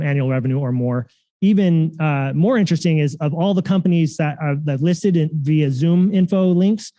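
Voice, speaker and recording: A man's voice: on the high side, warm tone. A man giving a security conference talk, casual and full of fillers and restarts. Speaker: conference speaker. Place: conference room.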